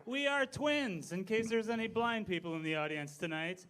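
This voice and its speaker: A man's voice: sits high, moderate pace, fairly bright tone. A man from Arkansas performing a stand-up comedy act, bantering and laughing with his twin brother.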